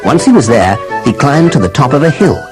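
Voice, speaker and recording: A man giving a warm, animated scripted storybook narration. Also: mid-range voice, fairly quick, poor audio. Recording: music under narration.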